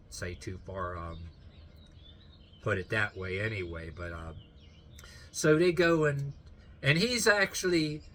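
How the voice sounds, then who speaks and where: A man rambles through a story in a bright, forceful voice, circling back and stopping himself mid-thought. He keeps breaking off to fight down a laugh, with a faint hiss of background noise under him. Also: on the low side. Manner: rambling, full of fillers and restarts, stifling laughter. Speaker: vlogger telling a story.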